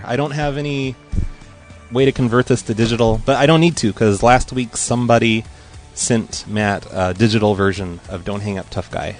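A man hosting a podcast, chatting casually and rambling as he reads listener mail aloud in a hurry. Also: fairly low pitch. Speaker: podcast host. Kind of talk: casual monologue.

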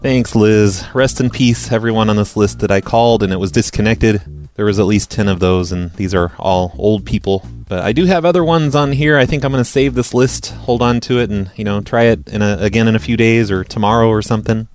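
A man's voice: fairly low pitch, steady tone, brisk, a little mellow. Guy hosting a prank call show, dry sarcastic and crude, faint music behind. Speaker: show host reading voicemails. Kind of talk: casual call-in show chat.

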